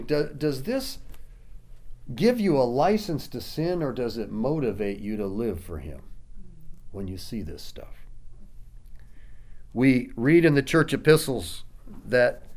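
Male pastor, mid-pitched voice, earnest sermon delivery with emphatic swells. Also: a little mellow. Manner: earnest preaching, reads scripture slowly, bursts of emphasis.

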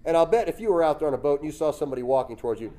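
A man preaching a sermon, telling the story lively, acting out voices and chuckling often. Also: fairly high pitch, very fast. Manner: lively storytelling, acts out voices with loud jumps.

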